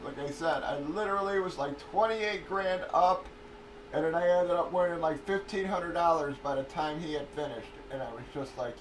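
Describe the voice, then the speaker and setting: Profane, rambling livestream host, higher voice. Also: male voice, moderate pace, distant mic, low-quality recording. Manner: profane, rambling, laughs often. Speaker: livestream host of card breaks. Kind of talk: casual livestream chat. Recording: voice a bit off-mic with faint noise.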